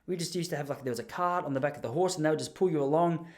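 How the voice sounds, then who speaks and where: A man's voice: very fast, lightly acted. A man voicing a confused, friendly elderly man in a care home, rambling and bewildered. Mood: reminiscing. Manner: rambling, bewildered, rising to squeaky disbelief.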